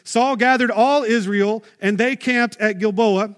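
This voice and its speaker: Man, high voice, sermon reading with conversational asides; pastor reading from a Bible passage. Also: fairly even intonation, a little slow, fairly bright tone. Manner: conversational, asides and rhetorical questions. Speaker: preacher. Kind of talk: sermon reading and commenting on scripture.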